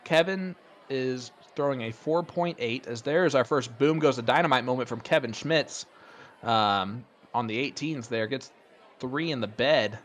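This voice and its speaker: A man's voice: medium pitch, moderate pace. Chatty man calling darts. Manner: chatty, rambling, gets excited on big throws. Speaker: darts commentator. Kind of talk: casual play-by-play commentary.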